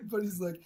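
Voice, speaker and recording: A man's voice: high voice, slightly rough. A young man co-hosting a podcast, telling a rambling, profane school story in casual chat and laughing along with it. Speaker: podcast co-host.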